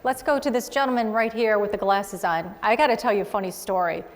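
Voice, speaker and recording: A woman psychic medium hosting a show, giving chatty readings to a live studio audience with quick asides and frequent laughs. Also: medium pitch, long reverb tail, a faint crowd, slight background noise.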